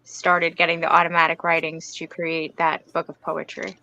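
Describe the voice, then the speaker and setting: Bright-voiced woman, soft and hesitant. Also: low-pitched, monotone, normal speed, vocal fry, muffled recording. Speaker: guest author. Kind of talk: casual livestream interview. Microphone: video call.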